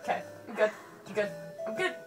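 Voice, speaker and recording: A young woman with a New York accent giving giggly, teasing, excitable gaming commentary, with game music behind. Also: medium pitch, a little fast. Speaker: let's play co-host.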